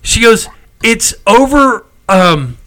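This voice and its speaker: A middle-aged man tells a story in a casual chat. His voice sits high and rings bright. He sounds exasperated and swears freely. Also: very animated, slow, low-quality recording. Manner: chatty, exasperated, salty language.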